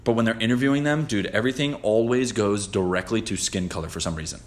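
A man hosting a podcast in casual chat, talking in a profane, rambling, excitable way. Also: fairly low pitch, quick pace. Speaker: podcast host.

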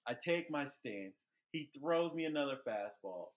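A young man hosting a podcast, telling a childhood story in loose, profane casual chat that gets animated. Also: mid-range voice, moderate pace. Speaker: podcast host.

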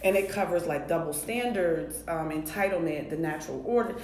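Lower-voiced woman in an echoey room. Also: brisk, few pauses, slight background noise. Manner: animated, playful banter. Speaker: relationship coach and author. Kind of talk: casual podcast chat.

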